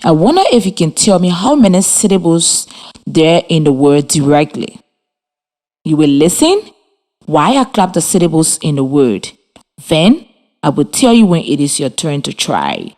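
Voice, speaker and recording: A woman from Liberia teaching a children's reading lesson over radio, speaking slowly and clearly with encouragement. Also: low-pitched, sing-song, darkish tone. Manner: slow, clear, encouraging, spells and claps out words. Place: radio studio with students.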